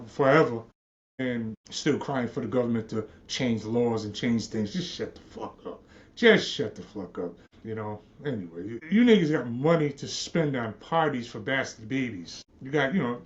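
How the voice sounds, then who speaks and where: A man's voice: mid-range voice, dull audio. A man hosting a podcast, ranting in a profane, scornful, repetitive monologue. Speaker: podcast host.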